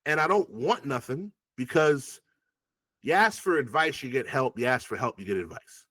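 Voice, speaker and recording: A man's voice: medium pitch, normal speed, dry recording. A man, a rapper, casually telling stories as an interview guest, swearing freely and acting out past conversations. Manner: animated, profane, acts out past conversations.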